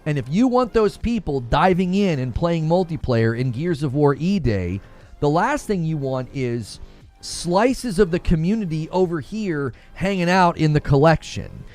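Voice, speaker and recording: A man hosting a casual gaming news live stream, talking straight to his chat in an animated way. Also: fairly high pitch, unhurried, faint music behind.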